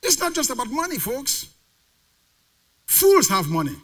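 A male pastor preaches in a church sanctuary, his voice pitched high and swinging widely up and down. The tone is bright and forceful as he throws questions out to the congregation and waits for them to answer back. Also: big pitch swings, a little slow. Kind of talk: sermon.

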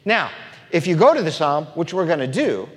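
A man giving an animated, emphatic sermon, teaching about the Bible. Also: fairly high pitch, moderate pace, in a large hall. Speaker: preacher.

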